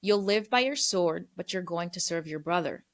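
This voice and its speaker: A woman voicing an old father who is blind, speaking slowly and solemnly. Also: lowish voice, lively intonation, close to an everyday voice.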